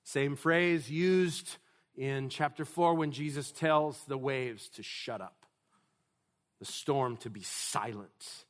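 Slow, emphatic male preacher. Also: medium pitch. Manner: emphatic, builds to loud preaching. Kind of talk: sermon.

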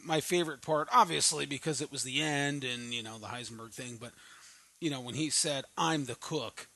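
A man co-hosting a casual chat, telling excitable stories about watching a TV episode. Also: medium pitch, brisk, vocal fry. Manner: excitable, gushing storyteller. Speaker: podcast co-host.

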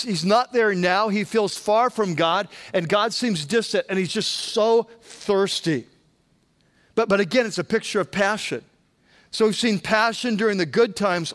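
A high-voiced, slightly bright pastor from Southern California preaches in an easygoing, conversational way, as if speaking to friends rather than from a formal pulpit. He often restarts sentences and keeps checking in with the congregation.

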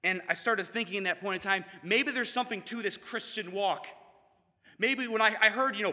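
Man, earnest testimony speaker; very bright tone, reverberant hall. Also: sits high, a little fast. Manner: earnest storytelling with emphatic build-ups. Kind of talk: personal testimony sermon.

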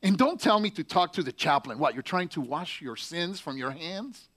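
Man reading a bitter, grieving young Marine in a letter home, pained and halting, voice on the high side. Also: animated, fairly bright tone. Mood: furious. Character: angry, heartbroken young male Marine writing home. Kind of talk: letter read aloud in a sermon.

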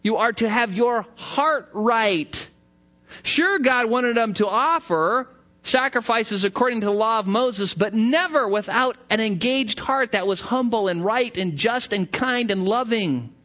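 A man preaching a sermon in an animated, dramatic way, building emphasis as he goes. The recording sounds dull and lo-fi. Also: sits high, measured pace. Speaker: pastor.

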